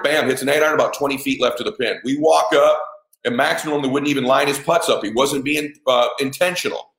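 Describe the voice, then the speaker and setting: A man's voice: mid-range voice, brisk. Emphatic middle-aged man storytelling, echoey. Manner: emphatic, swears, acts out dialogue, bursts into shouts. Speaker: father telling a story. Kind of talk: animated personal storytelling. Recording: echoey room.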